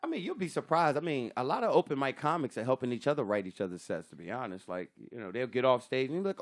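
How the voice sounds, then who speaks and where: A man's voice: mid-range voice, big pitch swings, fast, few pauses. A man, a stand-up comedian, talking in a loose, swearing podcast chat and acting out other comics' voices. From Sacramento area, California.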